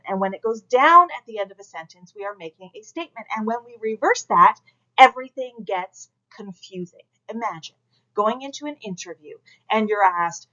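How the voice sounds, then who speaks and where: A woman instructor giving a recorded lecture to her class, talking with lively, emphatic delivery. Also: mid-range voice, dull audio.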